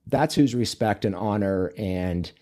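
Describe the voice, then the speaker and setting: Warm, low-voiced man telling stories casually. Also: measured pace. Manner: relaxed, chatty storytelling with many fillers. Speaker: guest, men's coach and author. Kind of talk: casual interview conversation.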